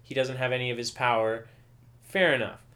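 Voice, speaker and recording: A man's voice: mid-range voice, steady tone, a little fast, fairly bright tone. A man co-hosting a podcast, chatting casually about a comic book with wry, joking asides. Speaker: podcast co-host.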